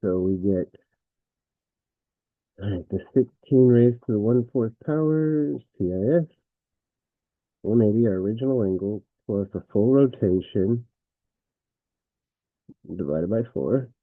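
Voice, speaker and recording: A man's voice: lowish voice, a little slow, long pauses, no echo. Man teaching math over a tinny line. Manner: thinks aloud, self-correcting, frequent fillers. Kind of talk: recorded math lesson.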